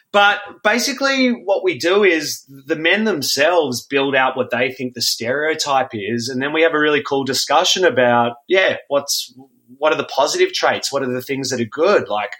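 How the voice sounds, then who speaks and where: A man, a guest facilitator talking loosely in a casual podcast chat with many ums. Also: medium pitch. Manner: relaxed, loose, often says 'um'. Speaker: guest, men's group facilitator.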